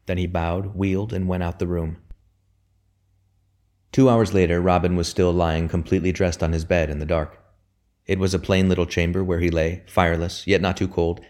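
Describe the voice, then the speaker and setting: Deep-voiced man reading a novel. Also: a little mellow. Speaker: audiobook reader. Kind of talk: scripted narration.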